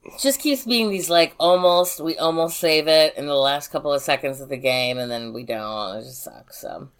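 A woman co-hosting a casual chat show, telling stories in an animated way, full of "like" and swearing. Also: sits low, moderate pace. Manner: animated, swears freely, many likes. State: burnt out. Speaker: podcast co-host.

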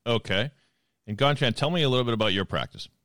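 A man's voice: medium pitch, animated, fast talker, a bit bright, no echo. A man with a Boston accent hosting a podcast in a studio, chatting casually and joking with his guests. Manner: jokey, playful banter. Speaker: podcast host. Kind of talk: casual chat.

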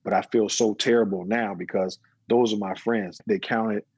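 Husky middle-aged guy, lowish voice, dry close mic, chatty interview storytelling. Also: moderate pace, no room sound, rough recording. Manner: storytelling, animated when quoting others. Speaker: interview guest, business owner. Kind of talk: casual interview talk.

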